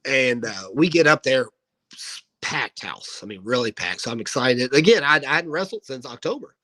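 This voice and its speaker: Bright-voiced man telling wrestling stories. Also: medium pitch, normal speed, poor audio. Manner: animated anecdote-telling, acting out quoted dialogue. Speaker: guest, professional wrestler. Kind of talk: casual storytelling in an interview.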